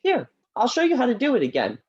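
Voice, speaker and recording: A woman's voice: on the high side, huge pitch swings, quick pace, slightly rough, lo-fi sound, full character voice. A woman voicing a cheerful, patient teacher puppet who coaxes and encourages a friend, in a puppet show over a video call. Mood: helpful. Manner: encouraging, upbeat, coaxing.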